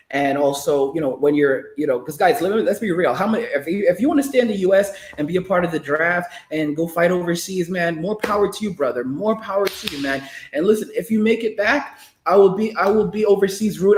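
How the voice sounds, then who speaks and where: A man with a high voice hosts a loose livestream and ribs his viewers as he reads their messages. He talks in a joking, animated way, and his voice rings around an echoey room. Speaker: livestream host reading chat. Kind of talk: casual livestream chat.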